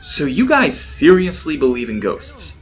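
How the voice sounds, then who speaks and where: A man's voice: fairly high pitch, huge pitch swings, measured pace, pitched above the performer's own voice. A man voicing a doubtful, dismissive young reporter in an audiobook story. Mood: skeptical. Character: skeptical young male reporter.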